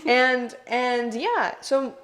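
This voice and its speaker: A woman's voice: medium pitch, moderate pace. A young woman co-hosting a podcast, telling a long anecdote in casual chat with lots of "like" and restarts. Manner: rambling storyteller, heavy use of "like". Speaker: podcast co-host.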